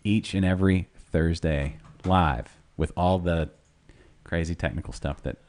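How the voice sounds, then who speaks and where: A man co-hosting a live-stream talk show, loud and jokey, laughing often. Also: low voice, steady tone, a little slow. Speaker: podcast co-host. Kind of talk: casual live-stream chat.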